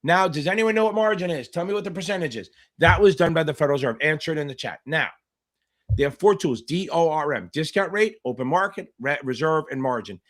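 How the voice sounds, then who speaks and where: His voice sits on the high side and comes out animated and fast. He's a middle-aged tutor running a live-streamed Q&A for exam candidates, profane, blunt and provocative, forever drifting into rambling side stories.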